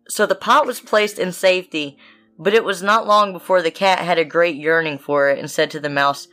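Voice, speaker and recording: A woman's voice: on the low side, normal speed, a bit bright, faint music behind. A woman reading fairy tales on a podcast and cutting in with blunt, laughing asides. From Southern United States. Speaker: podcast co-host, reader.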